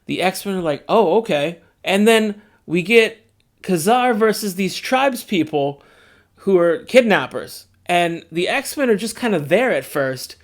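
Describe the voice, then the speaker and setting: A man hosting his own channel, recapping a comic book issue in a casual, animated, joking way and acting out the characters in quick asides. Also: high voice.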